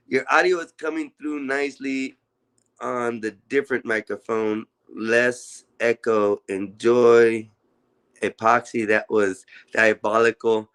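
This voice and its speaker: A man's voice: mid-range voice, fairly even intonation, takes it slowly, fairly bright tone, clear, resonant tone. A man hosting a casual livestream and talking to his chat, often exasperated, with a lot of swearing. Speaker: livestream host. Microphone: phone.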